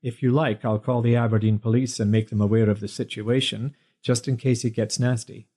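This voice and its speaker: A man voicing a protective police inspector with a deep voice, calm and dryly teasing. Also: fairly quick, lightly acted. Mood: warm.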